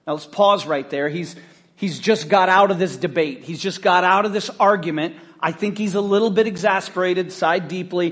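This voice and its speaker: A man preaching a casual sermon, talking to his congregation in a relaxed, conversational way. His voice sits high for a man, and his telling of the story is animated. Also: moderate pace. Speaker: pastor.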